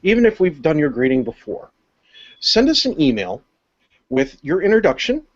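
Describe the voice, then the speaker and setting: Animated man chatting on a podcast. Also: on the high side, moderate pace, breathy edge, muffled recording. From United States. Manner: animated, rambling storyteller. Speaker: podcast co-host. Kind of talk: casual chat.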